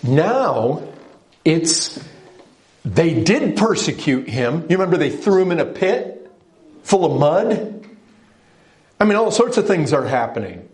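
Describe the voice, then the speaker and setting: A man's voice: on the high side, sing-song, slow, pauses often, a little mellow. A man preaching a sermon, speaking with emphasis and putting direct questions to his listeners. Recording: echoey room.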